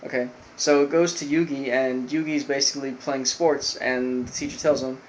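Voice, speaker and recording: Guy rambling thru an episode recap, lots of ums, average pitch, bit of hiss in the background. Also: steady tone, normal speed, poor audio. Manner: rambling, filler-heavy retelling with loose quoted lines. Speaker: anime episode reviewer. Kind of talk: casual spoken recap.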